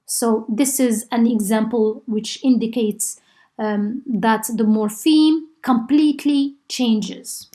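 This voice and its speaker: A woman from Morocco, an Arabic native speaker, teaches a university linguistics class. Her voice sits a little high, and she explains step by step, filling gaps with "uh" and checking understanding with "okay?". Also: slow pace, mellow. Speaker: linguistics lecturer. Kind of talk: university lecture.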